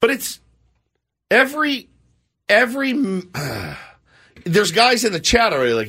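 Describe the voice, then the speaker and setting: A middle-aged man co-hosting a morning radio show, telling stories with lively put-on voices. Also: sits high, normal speed, pauses often. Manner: animated storyteller, acts out voices in his stories. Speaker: sports radio co-host. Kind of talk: casual morning-show banter.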